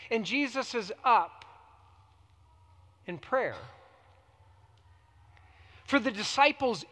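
A male pastor delivering a sermon in a high, bright voice. He moves from hushed, drawn-out phrases to sudden emphatic peaks. The sound carries a long reverberant tail from the hall. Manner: dynamic preaching, swinging between hushed and emphatic.

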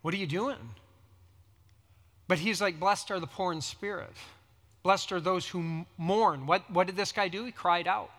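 A man preaching a sermon, teaching in an unhurried, conversational way and reading scripture dramatically. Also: high voice, fairly even intonation, pushed and bright. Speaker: pastor. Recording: long hall reverb.

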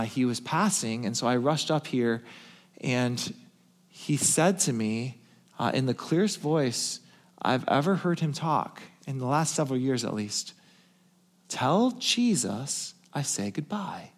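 A male pastor preaching, telling a story in a hushed, tender voice and then building to emphatic calls. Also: mid-range voice, unhurried. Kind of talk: sermon storytelling.

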